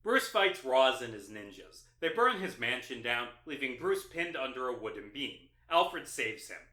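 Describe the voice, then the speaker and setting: A man's voice: medium pitch, big pitch swings, normal speed, bright, forceful tone. Sarcastic man in an echoey room. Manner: sarcastic, exasperated. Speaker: video essayist. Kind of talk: sarcastic video essay commentary.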